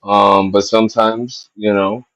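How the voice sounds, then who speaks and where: A man's voice: fairly low pitch, little pitch movement, fairly bright tone, low-quality recording. Profane, emphatic male podcast host. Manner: profane, emphatic, talks fast in long run-on stretches. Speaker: show host. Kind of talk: casual livestream podcast chat.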